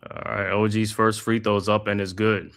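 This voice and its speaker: A man hosting a live watch-party stream, calling the game play by play in a steady flow with casual slang asides. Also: lowish voice, normal speed, clear, resonant tone. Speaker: host.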